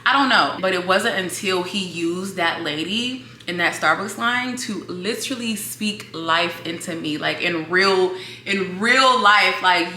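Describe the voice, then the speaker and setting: A woman's voice: on the low side, a little slow, sharp tone, echoey room, slight background noise. A young woman from Virginia telling a personal story to her viewers in a chatty, emotional way, calling them girl and y'all. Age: young adult. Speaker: vlogger. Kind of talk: casual storytelling to camera.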